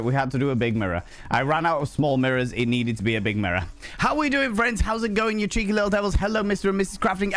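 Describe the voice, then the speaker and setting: Male streamer, sick with a cold, flamboyant sing-song chat, slightly higher voice, desk mic. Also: fairly bright tone. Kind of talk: live game stream chat.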